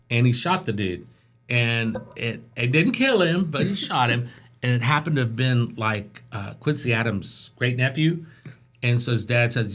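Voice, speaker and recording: A man guest on a podcast, telling stories in a chatty, animated way and acting out the voices of the people in them. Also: fairly low pitch. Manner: chatty, animated storyteller who acts out voices in anecdotes. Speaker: interview guest. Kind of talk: casual storytelling.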